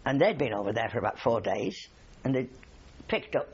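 Older male veteran interviewee with a raspy, gravelly voice and a lively rise and fall, on a dull lo-fi recording. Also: mid-range voice, normal speed. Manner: rambling anecdotal storytelling, chuckles often. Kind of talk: oral history interview.

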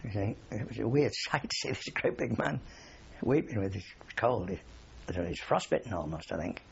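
Older man, veteran, rambling anecdotal storytelling, lively pitch, gravelly. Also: fairly quick, muffled recording, slight background noise. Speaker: war veteran interviewee. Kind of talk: oral history interview.

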